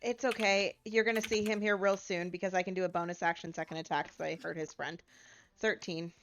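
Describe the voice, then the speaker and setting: A woman playing in a tabletop game, upbeat and quick to laugh, calling out attacks and rolls. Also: fairly low pitch, fairly even intonation, fairly bright tone, soft background music. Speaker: player. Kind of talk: casual tabletop play.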